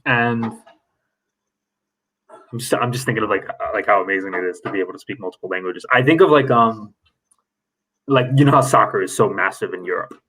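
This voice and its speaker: A man's voice: on the low side, a little fast, pauses often, bright, forceful tone, slight background noise, low-quality recording. A man hosting a podcast interview, talking loosely with plenty of fillers. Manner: loose, rambling, heavy on fillers. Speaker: podcast host. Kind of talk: casual interview chat.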